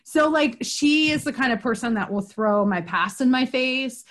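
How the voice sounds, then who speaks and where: A woman's voice: high voice, normal speed, a bit bright. A woman hosting a podcast interview, talking candidly about her own life and laughing often. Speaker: podcast host. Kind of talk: casual interview chat.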